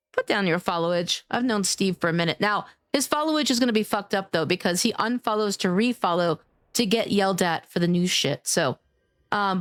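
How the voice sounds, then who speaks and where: A chatty woman streaming a game live, talking to her viewers in a slightly high voice. She is animated and swears freely, breaking into laughs as she thanks people and rambles between topics. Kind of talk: casual live-stream chat.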